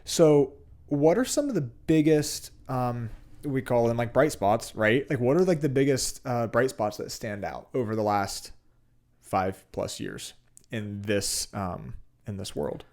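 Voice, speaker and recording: A man's voice: medium pitch, expressive, unhurried, a little mellow. A man hosting a podcast interview, casual and enthusiastic, cheering his guest on. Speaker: podcast host.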